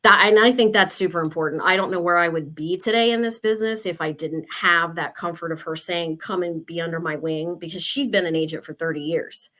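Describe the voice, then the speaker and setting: Woman in her fifties, from Ohio, lower voice, chatty storyteller, casual interview guest. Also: a little fast, hardly any pauses, sharp tone. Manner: chatty, storytelling with quoted asides. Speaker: real estate agent guest.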